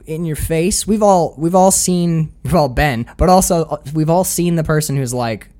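A man's voice: a little high, moderate pace, warm tone. A man co-hosting a casual film podcast, talking animatedly, swearing and acting out quoted lines. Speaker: podcast co-host.

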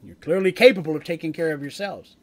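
A man voicing a guarded old male dwarf in a tabletop game, with a put-on Scottish accent and a halting, stammering delivery. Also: fairly high pitch, lightly acted. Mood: persuasive. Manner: hesitant, stammering, halting explanations. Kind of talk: tabletop game role-play.

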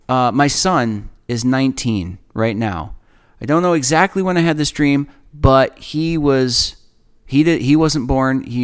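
A man in his forties telling a personal faith testimony in an earnest, emotional way, often halting and restarting. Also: medium pitch, clean tone. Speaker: speaker sharing a personal testimony.

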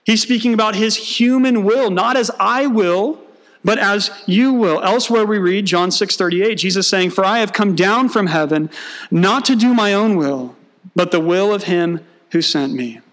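A man's voice: sits high, normal speed, fairly bright tone. A male pastor preaching a sermon, mixing teaching with humorous storytelling and acted-out dialogue.

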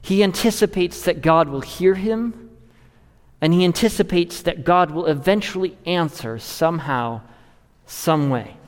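Male pastor, earnest sermon delivery, slightly high voice, long church reverb. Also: unhurried. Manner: earnest, rising to stress and dropping low to close a thought. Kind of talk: expository sermon.

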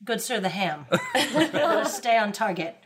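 A woman voicing a dog as a polite gentleman in a top hat, asking for ham in her friend's story. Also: on the high side, sing-song, takes it slowly, background noise. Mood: politely pleading.

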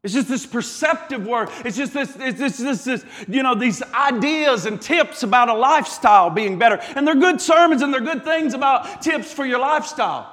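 A man's voice: very high-pitched, lively intonation, normal speed, hardly any pauses, fairly bright tone, long reverb tail. A man, a pastor preaching a sermon in a church, impassioned, stacking repeated phrases and stumbling through restarts.

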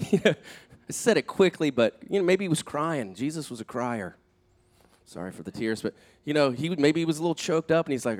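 A man preaching a sermon as pastor, animated and conversational, acting out quoted speakers, swinging between loud emphatic peaks and soft, hushed asides. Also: mid-range voice, brisk. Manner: conversational, with fillers and restarts.

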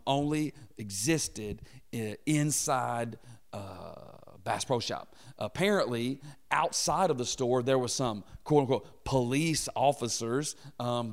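A man in his thirties preaching, telling a comic personal story and acting out the quotes in funny voices. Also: medium pitch. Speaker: pastor. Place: church auditorium.

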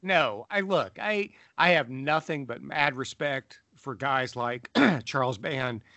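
A man hosting a casual film review podcast, chatty and quick to laugh, talking to listeners as folks. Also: mid-range voice, bright, forceful tone, no room sound. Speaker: podcast host. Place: lived in the South.

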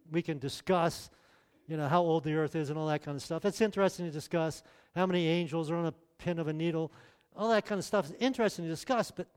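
High-voiced man preaching conversationally. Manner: conversational, asks the audience questions. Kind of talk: sermon.

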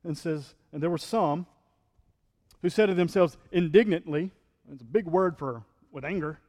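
A male pastor preaching a sermon in a relaxed, conversational way, often checking in with the congregation and acting out the quotes he reads. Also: a little high, moderate pace, long reverb tail. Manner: conversational preaching, frequent "right?", acts out quotes.

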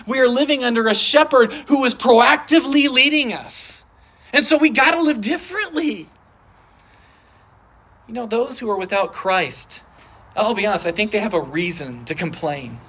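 Husky-voiced preacher in a sermon. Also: medium pitch. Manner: animated, conversational preaching with emphatic repetition.

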